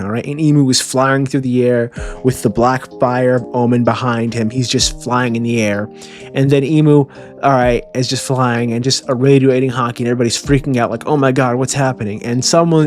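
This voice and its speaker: A man casually reacting to a comic chapter, rambling and joking with profanity and stammering repeats. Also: medium pitch. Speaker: manga chapter reviewer.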